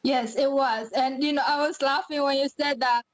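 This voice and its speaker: A woman's voice: high-pitched, steady tone, normal speed, no room sound, low-quality recording. A young woman from China with a Chinese accent, a pageant winner chatting upbeat on a podcast with many fillers. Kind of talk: podcast interview.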